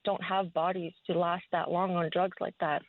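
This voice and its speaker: A woman's voice: on the low side, level tone, normal speed, background noise. A woman calling in to a radio show, speaking earnestly with many fillers and restarts. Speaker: caller. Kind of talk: phone-in opinion. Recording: tinny phone line.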